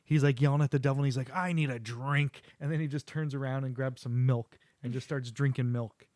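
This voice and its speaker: A man's voice: medium pitch, quick pace, no echo, studio quality. A middle-aged man hosting a podcast, eagerly recapping an episode, acting out quotes and laughing often. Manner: animated storyteller, acts out quotes, laughs often. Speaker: podcast host. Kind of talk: casual chat recapping a show.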